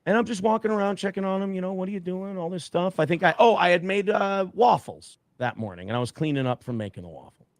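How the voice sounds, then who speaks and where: A man's voice: high voice, expressive, fast talker, no room sound. A man telling a personal story in a profane, emphatic way. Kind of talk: recounted anecdote.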